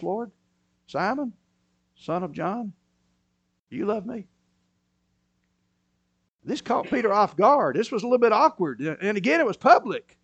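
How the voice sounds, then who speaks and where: Man, pastor, sermon, slightly high voice, dry close sound, quiet asides and loud bursts. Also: no room sound.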